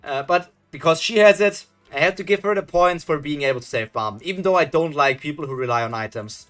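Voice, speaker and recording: Man, reaction video host, casual commentary, musing and hesitant, bright voice, faint music behind. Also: a little high, fairly quick. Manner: musing, hesitant, thinking aloud with fillers.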